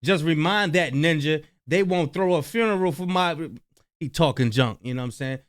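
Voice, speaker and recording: A man from New Jersey hosting a reaction channel, giving animated, slangy commentary on clips and repeating his points. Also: on the high side, normal speed, clean tone.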